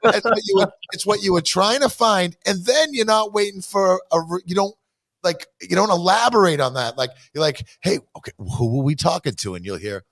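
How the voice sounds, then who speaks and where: Man shooting the breeze on a bar podcast, bit high voice, cusses, yells out impressions. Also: fairly quick, no echo. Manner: profane, animated, mimics people in loud outbursts. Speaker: podcast host. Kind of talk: casual chat.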